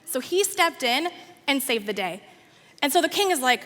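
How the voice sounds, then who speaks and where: A young woman telling a story to a youth group with a high, bright voice. She acts out the characters' lines as she goes. A long hall reverb trails behind her. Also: brisk. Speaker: youth ministry coordinator. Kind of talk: youth sermon. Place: church worship hall.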